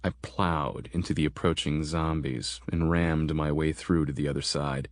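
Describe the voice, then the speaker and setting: A man narrating a horror audiobook in a steady, measured storytelling manner. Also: rumbling low, no echo.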